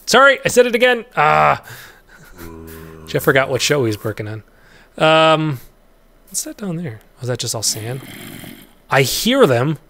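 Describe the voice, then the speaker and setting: A man's gravelly, slightly high voice swings widely in pitch as he talks a little slowly, leaving long pauses. Hosting a let's play, he gives casual, rambling gameplay commentary and talks to the game's creatures. He laughs easily and suddenly erupts into loud yelps.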